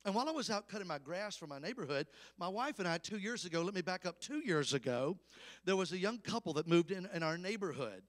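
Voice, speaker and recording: An evangelist preacher in his fifties from Alabama, USA, speaks with a Southern Alabama accent in a high, animated voice at a quick pace. He delivers a storytelling sermon, making emphatic, folksy calls to the congregation.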